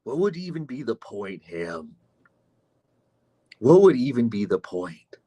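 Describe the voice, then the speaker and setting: A man's voice: mid-range voice, very animated, takes it slowly, mellow. A man streaming live, reading chat comments aloud and answering them with sardonic, profane mockery. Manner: sardonic, mocking, profane asides.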